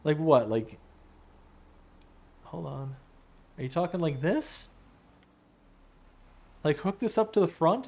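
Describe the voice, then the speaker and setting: A man with a fairly high, creaky voice speaks slowly and pauses often. He's casually live-streaming a farming game, animated and quick to laugh as he answers viewers' messages.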